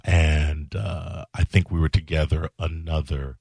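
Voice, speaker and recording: A middle-aged man hosting a show, telling a personal story slowly and earnestly, with halting emphatic repetitions. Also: a bass voice, level tone, gravelly, darkish tone, breathy edge, dry recording, clean studio sound. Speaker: show host.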